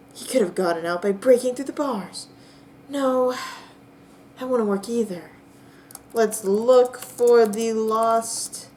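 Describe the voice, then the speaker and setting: A young woman narrating a text adventure game with bemused, drawn-out comic disbelief. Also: medium pitch, a little mellow, slight background noise. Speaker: player and narrator.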